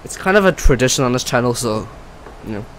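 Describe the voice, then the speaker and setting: A man's voice: mid-range voice, expressive, quick pace, a bit bright, slight background noise, poor audio. A man casually commenting on his flight sim stream, chatty and self-mocking, often trailing off and restarting.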